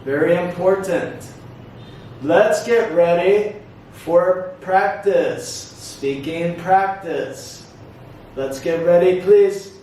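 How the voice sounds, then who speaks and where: A man leads a classroom English lesson with very slow, deliberate repeat-after-me drills. His voice sits fairly high. The recording is echoey and sounds distant from the mic. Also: mellow, slight background noise. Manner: slow, deliberate, drawn-out modeling of words. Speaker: English teacher.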